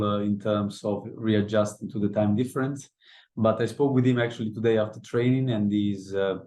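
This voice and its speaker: Low, dark-voiced coach at a press conference. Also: male voice, rough recording. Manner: measured, with frequent hesitations. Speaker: head coach.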